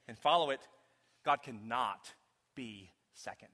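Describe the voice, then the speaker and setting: A pastor preaching a sermon to his congregation, emphatic, swinging from loud declarations to hushed low lines. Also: lively intonation, moderate pace. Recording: long hall reverb.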